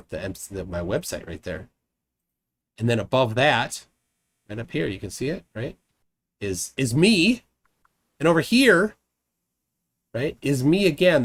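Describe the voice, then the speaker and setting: A man hosting a live call-in stream in casual chat, often restarting his sentences and trailing into fillers. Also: medium pitch. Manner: halting, with frequent restarts and fillers. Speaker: livestream host.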